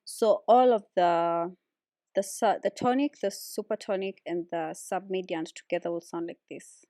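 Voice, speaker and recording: A woman casually explaining how she builds vocal harmonies, relaxed and chatty with lots of fillers. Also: lowish voice, a little slow, dry recording, clean studio sound. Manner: relaxed, with many fillers like "like" and "so, yeah". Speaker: a cappella vocalist teaching harmony. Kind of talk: casual music tutorial.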